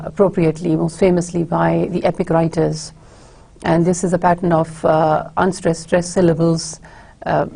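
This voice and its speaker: A woman delivers a recorded university literature lecture in a low voice with a gravelly, slightly husky texture and a dark, mellow tone. Her delivery is measured and explanatory, broken up by frequent filler words. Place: recording for an online course.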